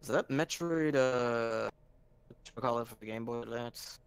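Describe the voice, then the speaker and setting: A man chatting casually about video games with friends, excitable and quick to swear. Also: medium pitch, gravelly, clean tone. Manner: excitable, swears, calls everyone dude. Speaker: stream co-host. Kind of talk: casual gaming chat.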